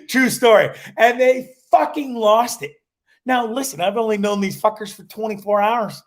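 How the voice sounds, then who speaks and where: On a livestream from a cottage during his travels, a high-voiced man rambles through stories a little slowly. He swears as he goes and often breaks off mid-sentence to start over.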